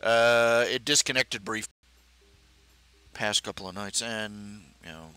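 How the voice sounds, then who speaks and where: A middle-aged man hosting a live stream, talking casually and haltingly with many fillers and restarts. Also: lowish voice, pushed and bright, smooth, soft background music.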